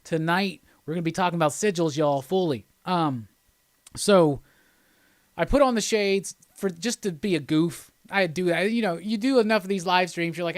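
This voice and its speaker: A man's voice: sits high, moderate pace, no echo, studio quality. A man hosting a live stream, chatting casually in a loose, rambling, jokey way and reading out viewer comments.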